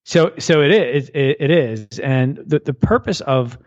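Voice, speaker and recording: A man's voice: mid-range voice, expressive, unhurried, lo-fi sound. A man being interviewed as an entrepreneur and author, talking energetically and often repeating words as he starts his sentences. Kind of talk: conversational interview.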